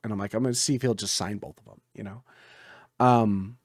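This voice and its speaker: A man's voice: fairly low pitch, brisk, dry recording, studio quality. A young man on a podcast, casually telling a long story and acting out what people said. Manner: animated storyteller, acts out quotes, laughs often. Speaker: podcast co-host.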